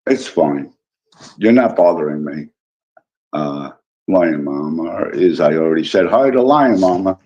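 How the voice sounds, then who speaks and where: A deep, expressive, mellow voice belongs to this Illinois man running a casual live stream. Unhurried, he reads viewer comments and greets people by name in a teasing way, heard through muffled lo-fi audio.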